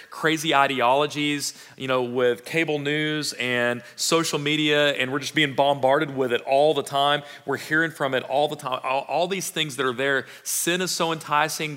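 A man preaching from the front of a church, his voice bright and forceful. He talks in a casual, animated way, breaking off into quick asides and restarts. The sound carries a long reverb from a large hall. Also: a little high. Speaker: pastor. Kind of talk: sermon.

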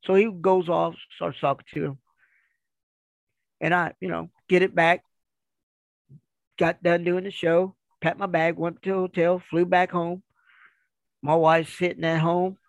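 A middle-aged man, a retired performer, telling stories in a casual, animated way and acting out other people's voices. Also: sits high, measured pace, vocal fry, long pauses, no echo.

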